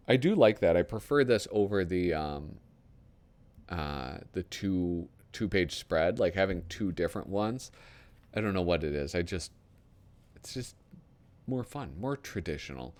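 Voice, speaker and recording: Laid-back man with lively low voice. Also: a little slow. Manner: casual, swears, trails off into mumbled asides. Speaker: host. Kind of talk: casual magazine flip-through commentary.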